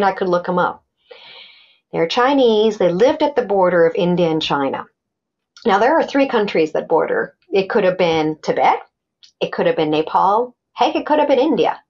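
A woman's voice: medium pitch, expressive, a little fast, a little mellow, slightly rough, dull audio. A middle-aged woman recounting a personal story as a podcast guest, animatedly acting out quoted dialogue with many restarts.

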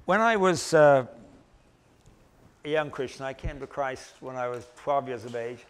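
A man gives a Bible lecture in a relaxed, conversational way. His voice sits at an ordinary middle pitch, and he often pauses and restarts mid-sentence. He slips in gentle jokes at his own expense. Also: smooth. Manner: conversational, with gentle self-deprecating humor. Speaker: Bible teacher.

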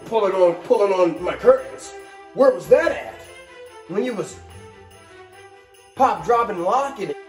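A woman's voice: mid-range voice, lively intonation, measured pace, pauses often, darkish tone, faint music behind. A woman talking in a casual home vlog, slangy, joking and rambling. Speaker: vlogger.

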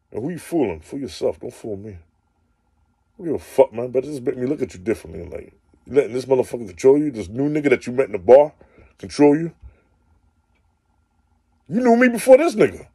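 Male host, husky and mellow, crude comedic ranter with a lively, swooping delivery. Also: mid-range voice, fast, pauses often, no room sound, studio quality. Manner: crude, repetitive, peppers lines with "man". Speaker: show host. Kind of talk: profane comedic rant monologue.

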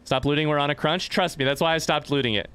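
A man's voice: fairly high pitch, quick pace, a bit bright, smooth. A young man doing live gameplay commentary, rambling, joking and swearing as he chats to his viewers. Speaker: let's play streamer.

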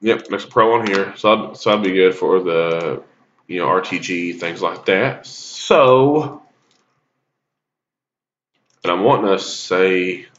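A man's voice: deep voice, fairly even intonation, normal speed, fairly bright tone, lo-fi sound. A man giving rambling, casual commentary on a mobile game, coughing and sneezing with a cold. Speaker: gaming YouTuber.

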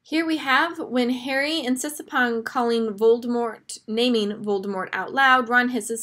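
A woman's voice: on the high side, unhurried, hardly any pauses, a bit bright. A woman teaching a grammar lesson, patiently walking through each step over a screen recording.

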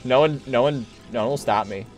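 A medium-pitched man talks a little fast over faint background music while streaming a strategy game. His live commentary is giggly and excitable, full of jokes and orders shouted at his units with playful mock aggression.

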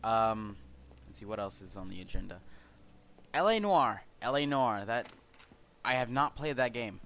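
A man's voice: lowish voice, steady tone, normal speed, a bit bright. Rambling young gamer guy. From California. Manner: rambling, hesitant, swears casually, many fillers. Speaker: let's play host. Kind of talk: casual gameplay commentary.

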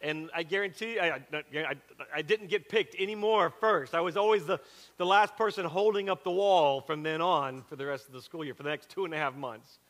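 A middle-aged male pastor from South Carolina with a Southern accent, preaching a sermon in a chatty, animated storytelling way with frequent asides. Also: a little high, fairly quick. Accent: Southern with a Western Pennsylvania twist. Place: church sanctuary. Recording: long hall reverb from a church sanctuary.

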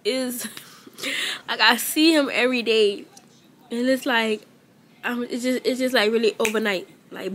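A woman's voice: fairly high pitch, unhurried, pauses often, a bit bright, a little hiss or hum. A young woman, vlogging casually as a mother, rambling and emotional with many fillers. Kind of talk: casual vlog talk.

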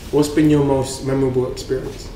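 A man's voice: medium pitch, fairly even intonation, measured pace, mellow, echoey room, slight background noise, low-quality recording. A man hosting a casual interview, asking questions in an upbeat, encouraging way. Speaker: interviewer and host.

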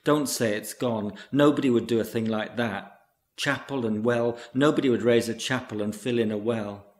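A man's voice: mid-range voice, moderate pace, close to an everyday voice. A man reading the lines of an anxious, wistful woman in a literary story, his voice lifted slightly and earnest. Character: anxious, wistful woman returning to her childhood seaside.

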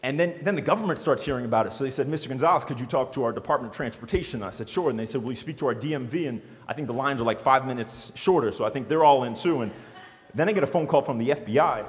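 Male motivational speaker, rapid delivery, joking storyteller, reverberant hall. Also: medium pitch. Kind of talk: storytelling speech to an audience.

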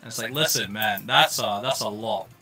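A young man from Scotland with a softened Scottish accent, chatting casually and rambling with lots of fillers while streaming a game. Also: fairly low pitch, moderate pace, faint music behind. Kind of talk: casual livestream chat while playing.

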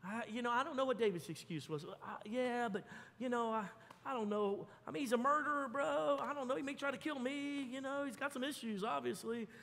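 A man preaching a sermon, telling the story with lively acted-out voices. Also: extremely high pitch, fairly quick, gravelly, long reverb tail. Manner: animated storytelling, acts out voices. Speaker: pastor. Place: church.

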